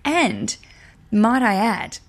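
A woman hosting a podcast, talking in a chatty, animated way and getting worked up and ranty. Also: a little high, drawn-out words. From Australia. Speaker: podcast host. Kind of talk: casual solo podcast talk.

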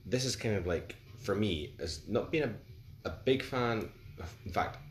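A man in his forties co-hosts a laid-back music chat in a very low voice. He rambles, hesitates and restarts his sentences often. The recording sounds roomy, with a faint hiss underneath. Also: animated, moderate pace. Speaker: podcast co-host.

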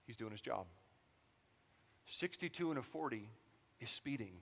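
A man preaching a sermon as pastor, animated and joking as he tells stories to the congregation. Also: mid-range voice, moderate pace, gravelly, long reverb tail.

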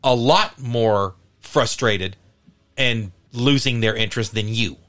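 A man's voice: medium pitch, slow, a bit bright. A man co-hosting a podcast in casual chat, earnest, with frequent stammered restarts. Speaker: podcast co-host.

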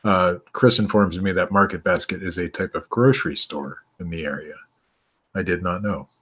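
Brief: low male podcast host, reads news clumsily, keeps cracking up. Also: fairly bright tone, husky. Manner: reads stories haltingly, laughing through them. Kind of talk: casual chat reading news aloud.

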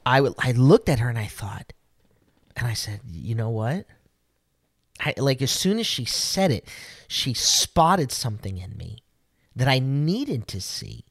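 Man podcast co-host, casual chat, lively storyteller who acts out the lines. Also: medium pitch, a little slow. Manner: animated storyteller, acts out quotes.

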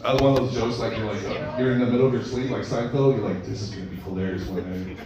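A man's voice: lowish voice, fast talker, highs cut off, a loud crowd. A man doing a crude, rambling stand-up set, swearing a lot, laughing at his own jokes and a bit out of breath. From Mexican heritage. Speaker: stand-up comedian. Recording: echoey room, mic far off, loud noise.

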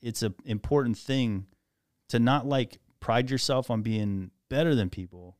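A man on a casual podcast, reflecting on a hard moment in military training, relaxed and swearing casually. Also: medium pitch, unhurried, no echo, studio quality.

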